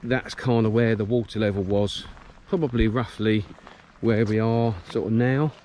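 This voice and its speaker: A man's voice: lowish voice, fairly even intonation, normal speed. A middle-aged man chatting casually to a handheld camera about his fishing setup, with lots of ums and restarts, outdoors on a reservoir bank. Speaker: match angler filming his day. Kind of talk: casual vlog commentary. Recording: loud wind noise outdoors.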